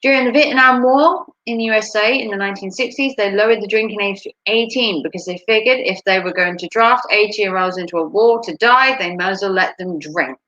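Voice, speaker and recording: A woman's voice: medium pitch, a little fast, hardly any pauses, sharp tone. Woman, casual live-stream chatter, meandering delivery full of ums, mid-range voice, slightly dull recording. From United States. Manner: rambling, chatty, frequent "um"s.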